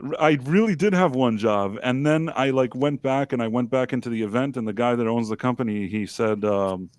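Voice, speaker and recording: A man tells a story on a live stream in a loose, rambling, self-deprecating way, full of fillers and restarts. His pitch sits in the ordinary middle, and the sound is dry and close to the microphone. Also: a little fast, a little mellow, no echo. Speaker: livestream co-host.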